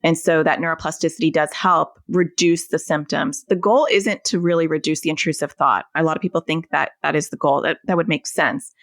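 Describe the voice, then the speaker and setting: Low gravelly woman therapist explaining. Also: steady tone, brisk, few pauses, no echo. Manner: explanatory, illustrating with everyday family examples. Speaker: anxiety and OCD therapist, guest. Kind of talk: podcast interview, explaining.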